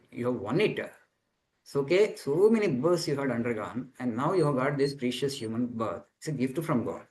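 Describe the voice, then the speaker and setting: A man's voice: mid-range voice, poor audio. Man, monk, spiritual teaching talk, earnest, explanatory, repeats his phrases, video call audio. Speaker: monk answering students' questions.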